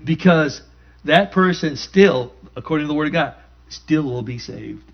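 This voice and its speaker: A man preaching in an emphatic call-and-response style, his voice sitting fairly high. The recording is muffled and lo-fi. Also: animated, normal speed, vocal fry. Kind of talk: sermon. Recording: dull lo-fi recording.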